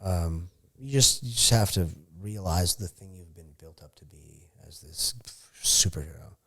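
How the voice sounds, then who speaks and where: A middle-aged man with a lowish voice, sharing stories as a podcast guest. He swears a lot and laughs as he goes, in a loose, chatty way. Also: measured pace, a bit bright. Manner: profane, storytelling, laughs often. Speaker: podcast guest, former fighter. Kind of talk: casual chat.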